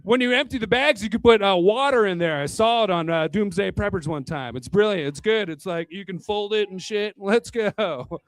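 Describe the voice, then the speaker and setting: High-voiced, crude, tipsy stand-up comic. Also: male voice, normal speed, dry recording, studio quality. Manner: crude, rambling, chuckles at his own jokes. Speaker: stand-up comedian. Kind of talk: stand-up comedy set. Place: bar hosting a live comedy night. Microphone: handheld microphone.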